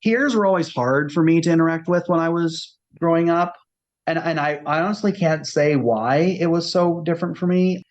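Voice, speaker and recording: A man's voice: fairly high pitch, moderate pace. A man earnestly telling a personal story in a conversational way, sometimes acting out the voices of people in it. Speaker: autistic self-advocate. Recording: dull lo-fi recording.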